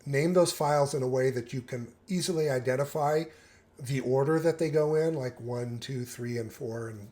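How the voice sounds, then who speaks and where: A man presenting a step-by-step software tutorial, explaining calmly with occasional fillers. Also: mid-range voice, normal speed.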